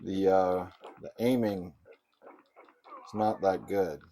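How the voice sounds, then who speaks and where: A man giving casual, sarcastic commentary while playing old console games, with loud outbursts. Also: sits low, slow pace, a little hiss or hum. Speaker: gamer.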